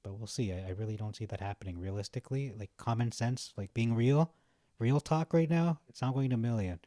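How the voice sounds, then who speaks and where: A man's voice: medium pitch, brisk, mellow, no room sound, studio quality. A young man giving casual, rambling commentary on his vlog while browsing, chatty and often laughing at his own jokes. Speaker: stock market vlogger.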